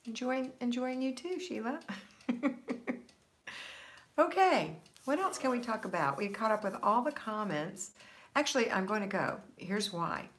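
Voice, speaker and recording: A woman's voice: on the high side, expressive, unhurried, a bit bright. Brief: woman host of a live chat, cheerful and encouraging, chatting straight to her viewers. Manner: upbeat, encouraging, reads comments aloud. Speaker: livestream host answering viewer comments. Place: home, Florida.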